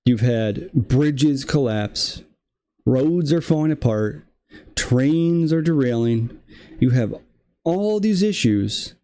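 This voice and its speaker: A man's voice: mid-range voice, slow, warm tone. Exasperated man ranting about politics. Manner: exasperated, ranting, many fillers and restarts. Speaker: political commentary host. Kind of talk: casual political monologue.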